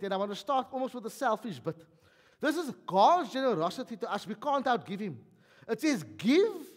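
A South African man preaching a sermon in a lively, conversational way with touches of humor, recorded in a church hall. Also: sits high. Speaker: pastor. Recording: long hall reverb.

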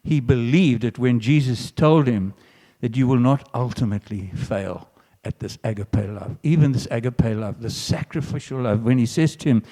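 A man's voice: medium pitch, normal speed, few pauses, mellow. A man preaching a sermon in an earnest way, often restarting phrases and lifting his voice for emphatic quoted lines. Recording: long hall reverb.

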